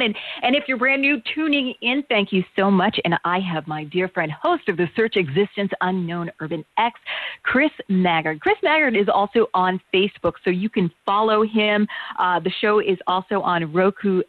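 A chatty woman hosts a radio interview, full of quick exclamations and eager questions. Her voice is thin and tinny like a phone line, with a dry, close sound. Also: mid-range voice, animated, no echo. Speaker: radio show host. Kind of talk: interview host.

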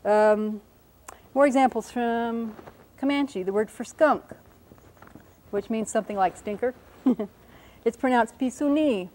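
A woman with a mellow, relaxed voice explains phonetic symbols as a linguist. She speaks carefully and slows down to demonstrate each pronunciation syllable by syllable. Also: a little high, a little hiss or hum, low-quality recording. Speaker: linguist giving a talk.

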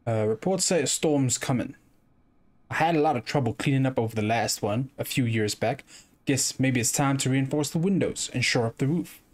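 A man's voice: medium pitch, normal speed, close to an everyday voice. A man reading a game note aloud as a rural bayou man, in a put-on Southern US accent with an exaggerated drawl. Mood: matter-of-fact.

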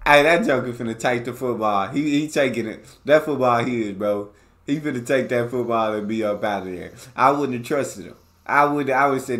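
A man's voice: mid-range voice, a little fast. Slangy American man reacting. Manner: slangy, animated, laughing retellings. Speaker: reaction video host. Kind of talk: casual reaction commentary.

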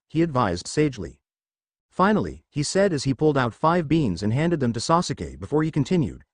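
A man narrating a fan fiction story with a lively, varied pitch. The recording is dry and close, with no room sound. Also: a little fast, no room sound.

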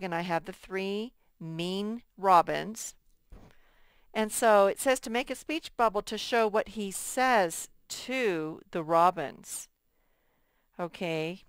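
A woman walks young children through a reading lesson at an unhurried pace. Her voice is smooth and crisp, with a patient, sing-song lilt. The sound is close and dry. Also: mid-range voice, dry recording. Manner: slow, patient, sing-song teacher delivery. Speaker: first grade teacher. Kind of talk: recorded classroom lesson.

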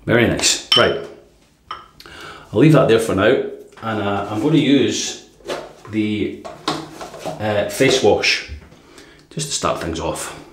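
A man with a lowish voice talks his way through a shave in an echoey bathroom. He keeps it quiet and relaxed, filling the gaps with little asides and ums. A faint hiss sits under the recording. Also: slow. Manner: quiet, relaxed, thinks aloud with frequent fillers. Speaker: shaving video host. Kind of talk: casual running commentary while shaving.

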